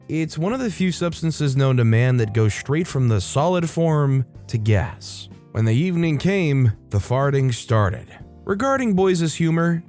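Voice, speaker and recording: A man's voice: medium pitch, darkish tone. A man reading online stories aloud, adding casual, chatty commentary between them. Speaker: story narrator.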